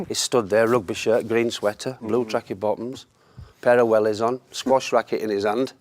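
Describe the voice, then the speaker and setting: A man telling an anecdote in casual conversation as a guest, a lively storyteller who laughs often. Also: medium pitch, a little slow. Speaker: former footballer, guest.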